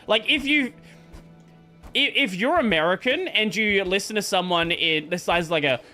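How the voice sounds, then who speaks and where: A man's voice: high voice, expressive, normal speed, sharp tone, soft background music. A man from Australia, rambling and swearing casually as he comments on his own gameplay. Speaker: gaming streamer.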